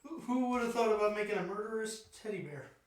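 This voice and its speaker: A man's voice: sits high, expressive, fast talker. A young man co-hosting a podcast, chatting casually in a rambling, profane way. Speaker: podcast co-host. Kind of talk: casual chat. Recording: echoey room, distant mic.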